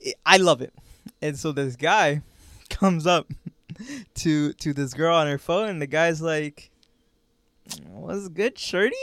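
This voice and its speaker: Young man, podcast co-host, animated storyteller, smooth clear voice, dry close sound. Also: fairly high pitch, a little slow, no echo. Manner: animated, laughs often while telling stories. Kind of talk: casual podcast chat and storytelling.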